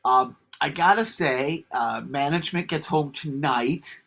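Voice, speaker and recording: Husky guy rambling on a podcast, laughs mid-story. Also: fairly high pitch, a little slow, fairly bright tone. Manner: rambling, laughs while telling stories. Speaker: podcast co-host. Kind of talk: casual chat.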